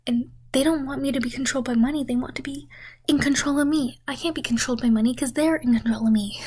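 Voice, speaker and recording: A young woman telling an absurd comedic story in a deadpan, rambling, half-whispered way, with lots of swearing. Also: high-pitched, husky. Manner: deadpan rambling, many swear words and 'freaking'. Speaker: content creator.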